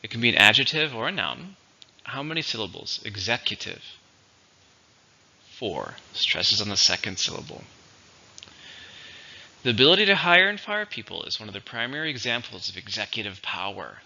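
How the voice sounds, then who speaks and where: A man teaching English vocabulary in a slow, patient, explanatory way. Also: medium pitch, very animated, gravelly, pushed and bright. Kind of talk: vocabulary lesson. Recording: dull lo-fi recording.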